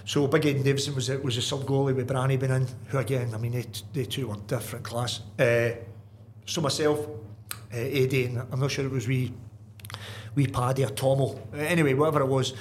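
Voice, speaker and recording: Fast-talking man telling stories. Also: mid-range voice, slight background noise. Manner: lively storyteller, many restarts and asides. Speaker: guest, football manager. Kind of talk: casual anecdotal storytelling.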